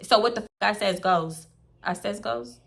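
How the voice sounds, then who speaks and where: A young woman telling a story to camera, casual, animated and blunt, swearing freely. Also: medium pitch, moderate pace, creaky. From Houston, Texas. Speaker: storytime vlogger.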